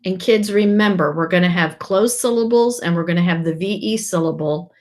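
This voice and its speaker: A woman teacher dictating a first grade spelling test, saying each word clearly and repeating it in a sample sentence. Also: lowish voice, a little fast, darkish tone.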